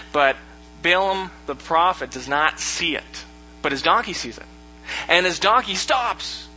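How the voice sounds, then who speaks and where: A man with a voice on the high side teaches a casual Bible lesson, retelling the story in a joking, animated way and performing the characters' lines. The recording is low quality.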